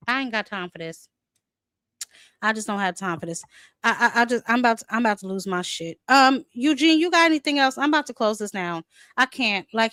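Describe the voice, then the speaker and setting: High bright-voiced woman ranting on a livestream. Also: no room sound. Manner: exasperated, ranting, calls viewers baby and honey. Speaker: livestream host. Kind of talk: heated casual livestream chat.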